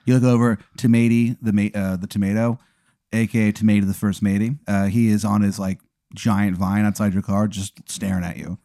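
A man's voice: fairly low pitch, little pitch movement, brisk, warm tone, no echo, clean studio sound. Rambling man narrating a game. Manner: rambling, laughing, lots of fillers. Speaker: game master. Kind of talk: improvised tabletop narration.

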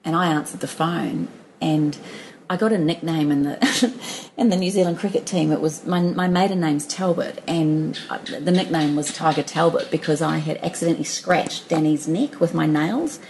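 Low gravelly woman telling stories. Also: darkish tone, slight background noise, poor audio. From Australia. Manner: chatty, laughs often, many restarts. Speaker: guest. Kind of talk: casual storytelling interview.

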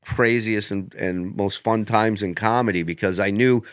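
A male comedian on a podcast telling casual, profane stories in an animated way. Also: lowish voice, moderate pace, smooth, dry recording, studio quality. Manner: animated, profane anecdotes with laughs. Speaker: guest comedian.

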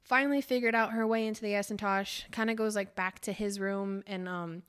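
A woman's voice: medium pitch, a little fast, clean tone. A woman co-hosting a book podcast, chatting casually and animatedly as she retells a novel's plot, full of "like" fillers. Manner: animated, laughs often, many "like" fillers.

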